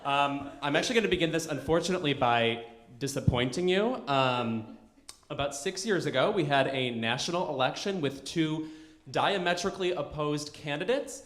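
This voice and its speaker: A man doing stand-up with an effeminate, quick, arch delivery. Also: fairly high pitch, lively intonation, fairly bright tone, echoey room. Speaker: stand-up comedian. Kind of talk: stand-up set.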